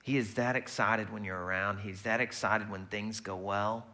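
Bright-voiced, chatty male preacher. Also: lowish voice, moderate pace. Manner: conversational and lively, acts out quoted voices. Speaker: pastor. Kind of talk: sermon.

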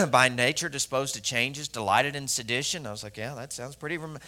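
A man's voice: mid-range voice, normal speed, pushed and bright. A man from Arkansas preaching a sermon to a congregation in a conversational, joking way, with many fillers and asides to the audience. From Arkansas, US South. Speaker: pastor.

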